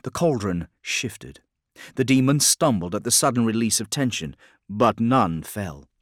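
A man narrating an audiobook in a measured, dramatic storytelling manner. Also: fairly low pitch, lively intonation, dry recording, clean studio sound.

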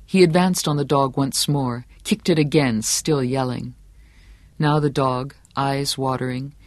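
A man narrating an audiobook in a steady, measured storytelling manner. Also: mid-range voice, no room sound. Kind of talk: scripted narration.

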